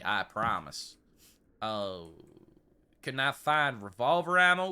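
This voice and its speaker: Bright, crisp-voiced man playing shopkeeper. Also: mid-range voice, very animated, slow pace, long pauses. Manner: role-plays a polite old-west shopkeeper, addressing customers as sir and ma'am; drifts into a put-on regal accent. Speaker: streamer playing a shop game. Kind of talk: casual gameplay commentary.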